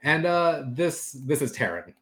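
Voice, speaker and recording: A man's voice: fairly high pitch, big pitch swings, a little slow, a bit bright, pitched above the performer's own voice. A man doing a hearty, welcoming barkeeper.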